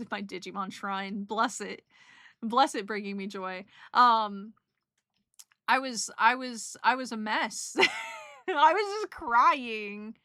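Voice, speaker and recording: A young woman talks through her trip in a loose, rambling way, full of fillers, giggles and emotion. Her voice sits a little high and sounds bright. She takes her time, and the sound is dry and close. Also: no echo. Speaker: streamer recapping a trip. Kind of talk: casual chat.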